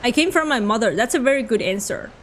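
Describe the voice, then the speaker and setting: A woman's voice: on the high side, expressive, fast talker, slight background noise. A young Australian woman with an Australian accent, chatting casually with her viewers while she plays a game on stream. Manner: chatty, answering chat while playing. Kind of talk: casual gameplay commentary.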